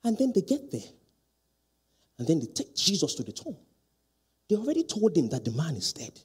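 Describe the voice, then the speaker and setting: A male pastor delivers a lively sermon in a church, often asking the congregation to finish his sentences and swelling to loud, emphatic peaks. His voice is husky and a little high for a man, and it swings widely in pitch from phrase to phrase. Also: normal speed. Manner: lively call-and-response preaching, rising to loud emphatic peaks. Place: church hall.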